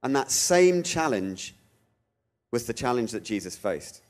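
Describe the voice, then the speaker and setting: A man giving a theological talk, telling stories with animated delivery and acting out quoted voices. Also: mid-range voice, a little slow. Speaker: guest speaker.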